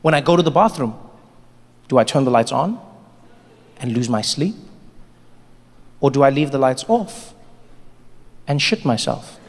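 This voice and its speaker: A man doing a stand-up comedy set on a large theater stage, telling his story in an animated way, with sudden drops and jumps in his voice. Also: mid-range voice, measured pace, pauses often, slight background noise. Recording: live show in a reverberant hall.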